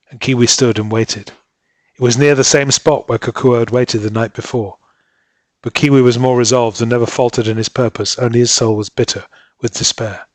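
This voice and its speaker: A man narrating a story as an audiobook reader in a steady, measured way. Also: mid-range voice, no echo. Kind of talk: scripted narration.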